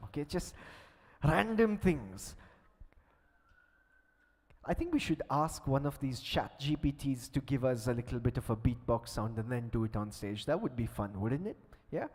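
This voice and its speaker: With a handheld mic in a large conference hall, a host banters with the audience, playful and chatty as he teases them. His voice runs on the high side and a little mellow, set against long reverb and faint music.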